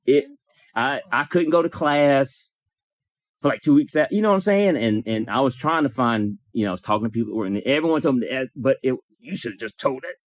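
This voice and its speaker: A man in a support circle telling an emotional personal story, acting out the dialogue in lively bursts and swearing now and then. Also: mid-range voice, brisk, no room sound, clean studio sound. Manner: animated, acts out dialogue, swears.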